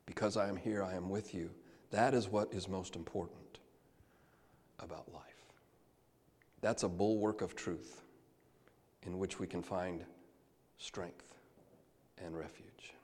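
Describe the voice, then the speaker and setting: A man preaching a sermon, moving between soft, hushed lines and loud, emphatic calls. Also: low voice, steady tone, moderate pace. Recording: long hall reverb.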